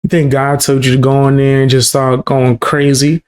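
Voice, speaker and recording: A man's voice: mid-range voice, monotone, normal speed, darkish tone, clean tone. A man hosting a casual reaction commentary, blunt and incredulous about what he hears. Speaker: commentary host.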